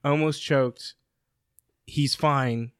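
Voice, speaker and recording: A man's voice: medium pitch, steady tone, extremely slow, clear, resonant tone, no room sound, studio quality. A man chatting casually with friends, laughing often as he retells a shared story. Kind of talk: casual chat.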